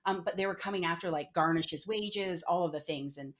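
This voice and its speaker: Woman, middle-aged, low voice, podcast guest, candid, lots of "like". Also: fairly quick. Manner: frequent "like" fillers, emotional retelling. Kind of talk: candid storytelling.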